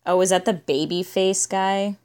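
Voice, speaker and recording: A woman's voice: medium pitch, steady tone, moderate pace, darkish tone, smooth. A woman co-hosting a podcast, chatting casually about a movie in a dry, musing way that often trails off. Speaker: podcast co-host.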